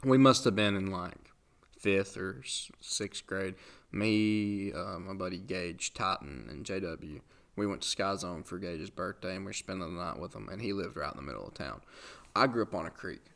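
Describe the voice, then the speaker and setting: A man's voice: deep voice, moderate pace, gravelly. A young man, telling rambling childhood stories on a podcast. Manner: rambling, animated storyteller who acts out quotes. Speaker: podcast host. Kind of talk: casual storytelling.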